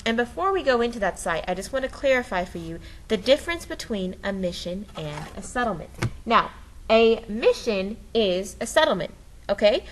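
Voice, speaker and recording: A woman with a mid-range voice presents a recorded history lesson, explaining things step by step in a playful, enthusiastic way, adding dramatic sound effects and often checking in with "okay?". The audio is poor, with a little hiss or hum.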